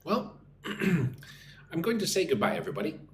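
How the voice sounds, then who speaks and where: A chatty American man hosting a casual live stream, reading out viewers' comments and answering them one by one. His pitch moves around a lot as he talks. The room sounds echoey, with a faint hum of ambient noise underneath. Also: wildly swooping pitch, a little fast. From United States. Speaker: online English teacher.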